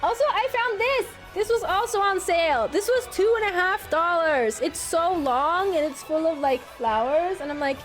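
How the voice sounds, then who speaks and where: A woman's voice: high voice, expressive, brisk, few pauses, soft background music. A young woman streaming, chatting casually with her viewers, giggling often as she reads and answers chat.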